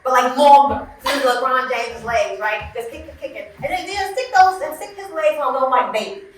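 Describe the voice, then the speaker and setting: A woman comedian telling a story as a podcast guest, in a punchy, profane, animated way. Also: sits high, brisk, very echoey, far from the mic, slight background noise, poor audio. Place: in-person podcast recording room.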